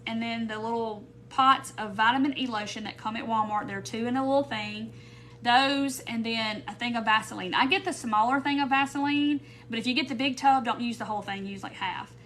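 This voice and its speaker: A woman's voice: fairly high pitch, fairly bright tone, a little hiss or hum. A woman hosting a live craft stream, rambling and thinking aloud as she works and greets viewers by name. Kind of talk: casual craft tutorial chat. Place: home craft room.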